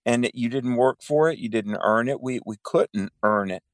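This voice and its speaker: Man, radio Bible co-host, fervent, theological, mid pitch, dry studio sound. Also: moderate pace, no room sound. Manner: fervent, theological, frequent amens. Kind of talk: conversational Bible teaching.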